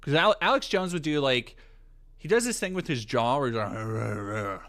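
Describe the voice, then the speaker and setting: A man's voice: mid-range voice, moderate pace, a bit bright. A man streaming live, chatting casually, joking and swearing as he rambles.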